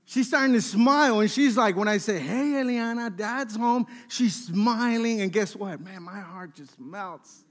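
A man in his thirties preaching a sermon, telling family stories with lively acted-out dialogue. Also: high voice, moderate pace, hardly any pauses. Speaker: pastor.

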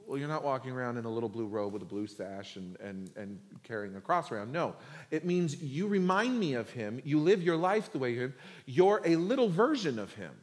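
A man preaching a sermon in a lively, humorous, conversational way. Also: mid-range voice, a little fast, long reverb tail. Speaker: pastor.

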